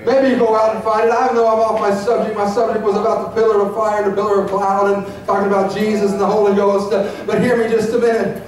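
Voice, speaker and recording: A man's voice: high voice, little pitch movement, fast talker, few pauses, a little mellow. A man preaching an impassioned, emotional sermon as pastor of a church, captured from a distance in the sanctuary. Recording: echoey church recording from far off.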